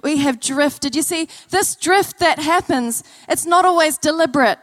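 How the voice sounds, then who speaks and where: Preaching earnestly to a church congregation during a service, she tells stories and comes back to key phrases again and again. Her voice is high and a bit bright, at a moderate pace.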